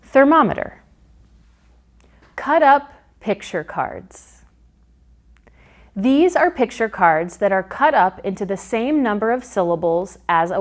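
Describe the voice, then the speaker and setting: A woman narrating a phonics lesson for teachers in a slow, clear way, sounding out words syllable by syllable. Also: medium pitch, darkish tone. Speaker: teacher trainer. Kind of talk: instructional narration.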